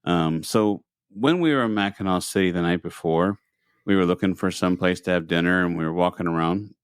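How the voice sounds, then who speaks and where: Male podcast co-host, low voice, animated storyteller who voices the people he quotes, dry recording. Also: fairly quick, clean tone, dry recording. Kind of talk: casual storytelling chat.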